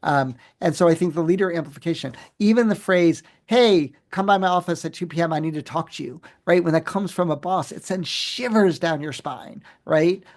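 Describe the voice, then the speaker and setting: A male professor and author answers interview questions in an animated, storytelling style, full of fillers and restarts. His voice is a little high, he speaks at a normal speed, and he pauses little.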